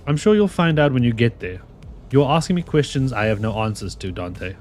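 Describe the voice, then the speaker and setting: A man voicing a curt, dismissive male commander from a game in a low, quiet voice. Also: animated, brisk, soft background music, lightly acted. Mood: cold.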